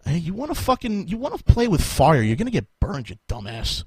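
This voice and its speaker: A man's voice: a little high, wildly swooping pitch, fairly quick, a little mellow, husky, no room sound. A man hosting a live podcast, ranting angrily and sarcastically with a lot of swearing and bursts of laughter. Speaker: podcast host. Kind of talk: profane rant on a live podcast.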